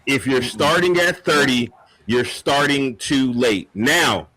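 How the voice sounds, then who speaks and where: Opinionated man making a steady argument. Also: mid-range voice, poor audio. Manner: deliberate, opinionated, building an argument. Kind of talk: casual podcast discussion.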